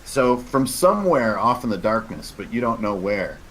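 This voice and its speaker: A man's voice: lowish voice, very animated, moderate pace, fairly bright tone, slight background noise, rough recording. A young man narrating a tabletop game as game master, describing scenes at length. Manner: descriptive, laughs easily.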